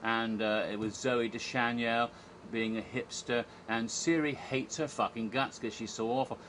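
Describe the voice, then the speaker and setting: A man talks through a stage show in a loose, irreverent way and jumps into voices for the characters. His voice is bright and forward. Faint noise sits under the recording. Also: mid-range voice, fairly even intonation, normal speed, rough recording. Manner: chatty, irreverent, acts out quoted lines. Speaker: theme park history vlogger. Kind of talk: casual retelling of a stage show.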